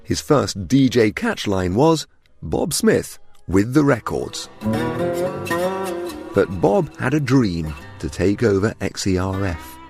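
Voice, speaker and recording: A man narrates a radio documentary in a fairly low voice, rising and falling with plenty of life. His delivery is dry and wry, with a little music underneath. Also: very animated, slow pace. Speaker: documentary presenter.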